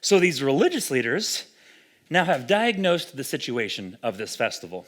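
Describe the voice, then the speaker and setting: A young adult man preaching a sermon in a relaxed, conversational way, animated and acting out the voices he quotes. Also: mid-range voice, moderate pace. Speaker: pastor.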